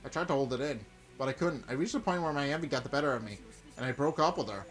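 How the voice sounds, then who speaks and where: A man's voice: medium pitch, fast talker, close to an everyday voice. A man voicing a heartbroken, remorseful young male student from a game, over faint music. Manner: anguished, remorseful.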